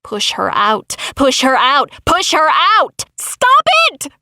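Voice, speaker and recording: A woman's voice: sits high, big pitch swings, slow, sharp tone, no room sound, studio quality, exaggerated voice. A woman reading aloud, voicing a panicked teenage girl who shrieks frantically in an audiobook.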